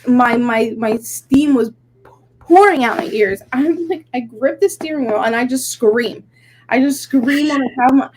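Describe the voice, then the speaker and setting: A young woman co-hosting a casual podcast, venting in an animated, rambling way that is full of "like"s. Her voice sits fairly high. A faint noise runs underneath. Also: rough recording. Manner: venting, animated storytelling with many "like"s. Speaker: podcast co-host. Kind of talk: casual chat.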